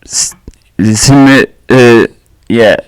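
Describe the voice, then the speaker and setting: A man hosting his own solo podcast, talking casually in a relaxed, rambling way with lots of fillers and little chuckles. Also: medium pitch, very slow, clear, resonant tone, dry recording. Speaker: podcast host.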